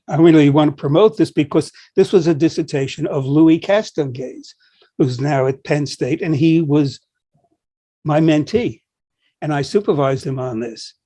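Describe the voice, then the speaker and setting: Older male co-host, higher-pitched, anecdotal and animated in conversation. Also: normal speed. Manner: anecdotal storyteller, acts out quoted dialogue. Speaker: podcast co-host, psychology professor. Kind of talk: conversational discussion.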